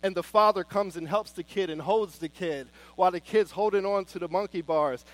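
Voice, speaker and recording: A man preaching a sermon with fervent emphasis, swinging between loud declarations and soft, hushed pleas. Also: high-pitched, fairly quick.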